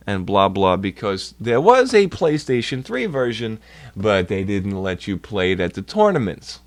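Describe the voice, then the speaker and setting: A man chatting on his livestream, ranting profanely and swinging between mumbled asides and loud outbursts. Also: medium pitch. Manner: profane ranting, swears constantly. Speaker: streamer. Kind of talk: casual stream chat.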